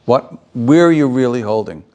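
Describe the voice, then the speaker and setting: A man's voice: medium pitch, animated, moderate pace, dark tone. A man, a rabbi, giving an informal Torah class, often restarting phrases and repeating himself. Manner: repeats himself, restarts, chuckles, acts out quotes.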